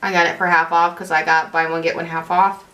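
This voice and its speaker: A woman's voice: fairly low pitch, flat delivery, brisk, sharp tone. A young woman chatting casually through a makeup tutorial, rambling and correcting herself as she goes. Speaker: beauty vlogger.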